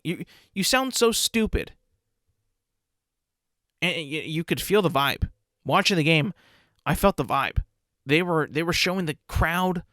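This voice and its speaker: A man's voice: fairly high pitch, a bit bright, no room sound, studio quality. A young man hosting a solo podcast, ranting in exasperation with plenty of swearing. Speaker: podcast host.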